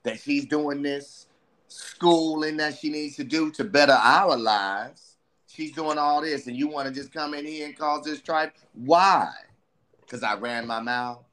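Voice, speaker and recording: A man chatting loosely and telling stories, jumping into voices of the people in them. He swings his pitch up and down and speeds up and slows down as he goes. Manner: animated, acts out voices of himself and friends. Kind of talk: casual storytelling chat.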